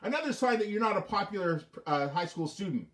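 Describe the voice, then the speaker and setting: A man's voice: sits high, animated, fast, fairly bright tone. Man telling corny jokes in an echoey basement. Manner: corny, laughs at his own jokes. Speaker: host of a home talk show. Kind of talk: jokey late-night monologue. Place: home basement.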